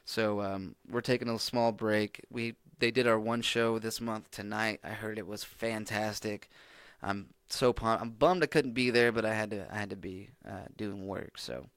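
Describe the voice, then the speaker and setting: A man's voice: lowish voice, steady tone, normal speed, a bit bright, smooth, dry recording, studio quality. A man hosting a solo podcast, chatting casually in a rambling, profane, laid-back way. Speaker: podcast host.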